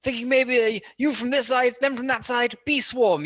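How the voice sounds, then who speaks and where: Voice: mid-range voice, normal speed. A player in a tabletop game, talking playfully in and out of character. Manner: lively, playful in-character talk. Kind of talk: casual tabletop play.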